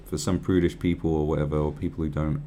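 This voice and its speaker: A man's voice: very deep voice, level tone, fast, dark tone, slight background noise. A man giving profane, rambling, sarcastic commentary on a news article.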